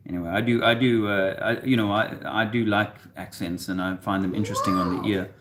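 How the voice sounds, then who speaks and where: A man co-hosting a casual chat, rambling and halting, with many fillers and restarts. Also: fairly low pitch, steady tone, background noise. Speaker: co-host.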